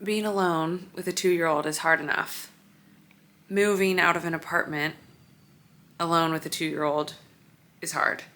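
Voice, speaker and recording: A woman's voice: low voice, fairly even intonation, a little slow, pauses often, bright, forceful tone. A woman in her thirties, a vlogger and mother, talking in a tired, emotional, rambling way at home in her apartment during a move. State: weary and overwhelmed. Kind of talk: confessional vlog chat.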